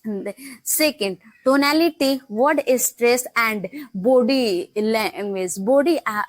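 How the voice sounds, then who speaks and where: A young woman talks through her practice with many pauses and restarts. Her voice sits somewhat high. The sound is close and dry, with no room around it. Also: no echo. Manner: halting, many fillers and restarts. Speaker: English learning vlogger. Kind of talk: casual talk to camera.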